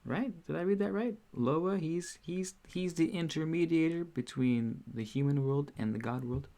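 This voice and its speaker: A man's voice: on the high side, normal speed, creaky, mellow. Man chatting casually on stream. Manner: rambling, profane, self-correcting. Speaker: streamer host. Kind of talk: casual livestream chat.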